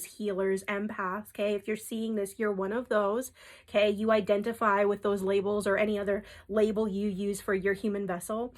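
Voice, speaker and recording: A young adult woman giving a spiritual tarot reading, earnest and emotional, who often checks in with "okay?" and fills with "like". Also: medium pitch. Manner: soft, earnest and emotional, with frequent "okay?" and "like" asides. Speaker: tarot reader.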